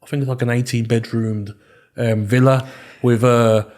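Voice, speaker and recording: As a podcast guest, a thirty-something man with a Birmingham accent chats loosely in a mid-range, slightly mellow voice. His delivery is flat and his speed normal. He rambles with lots of ums and keeps asking "do you know what I mean."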